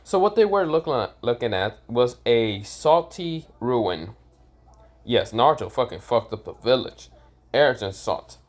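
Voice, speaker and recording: A man's voice: mid-range voice, very animated, moderate pace. Man, casual fan-story narration, rambling, profane, self-correcting, recorded at home.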